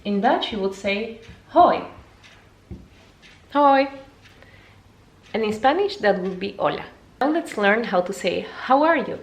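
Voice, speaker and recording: A young woman, not a native English speaker, teaching a casual video language lesson in a chatty way, jumping high in pitch to show words. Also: normal speed. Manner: lively, jumps high to demonstrate words, chatty with fillers.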